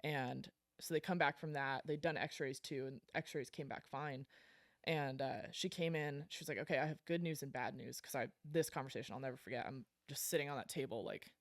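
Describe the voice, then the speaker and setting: A woman's voice: low voice, dry recording. Frank woman telling her story, dry sound. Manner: blunt and frank, swears casually, laughs between lines. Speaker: podcast guest. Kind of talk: candid storytelling interview.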